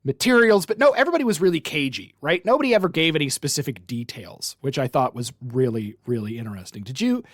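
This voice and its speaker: A man's voice: medium pitch, fast, few pauses, no echo. Chatty Atlantic Canadian man, dry close mic. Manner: animated, rambling, fond of "like" and "right?". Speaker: podcast co-host. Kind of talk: casual chat.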